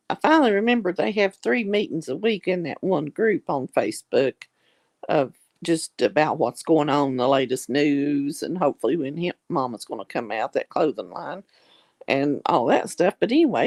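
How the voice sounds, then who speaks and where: A woman's voice: mid-range voice, gravelly, no room sound. A woman, chatting casually on a video call in a folksy, drawling way. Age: 60s. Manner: chatty, folksy, yawning and laughing.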